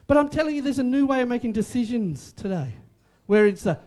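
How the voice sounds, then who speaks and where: High-voiced emphatic male preacher. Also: animated, fairly quick, few pauses, darkish tone. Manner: emphatic, repetitive, jokey preaching. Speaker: pastor. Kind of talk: sermon.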